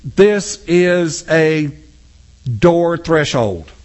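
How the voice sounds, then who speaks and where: A man's voice sits on the high side and he draws out his words as he delivers a sermon. He animatedly acts out scenes with a volunteer from the congregation, engaging the audience directly.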